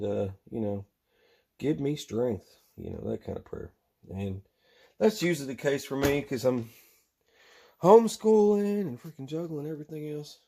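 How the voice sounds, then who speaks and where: Gravelly-voiced man chatting at his workbench. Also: lowish voice, mellow. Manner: rambling, chuckling, talks to himself while working. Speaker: channel host making knife gear. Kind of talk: casual workshop chat.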